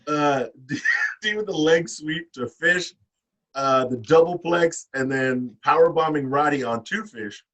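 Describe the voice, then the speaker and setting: A man's voice: a little high, a little slow, a bit bright, far from the mic, rough recording. Profane man recapping from his notes. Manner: profane, reads from shorthand notes. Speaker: podcast host. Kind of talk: casual wrestling recap.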